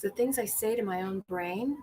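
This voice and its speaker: A woman's voice: medium pitch, normal speed, warm tone, slight background noise. A middle-aged woman chatting casually and rambling, reading viewer comments aloud and acting out the people in her stories. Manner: rambling, self-deprecating, acts out quoted people. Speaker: comedian hosting a livestream.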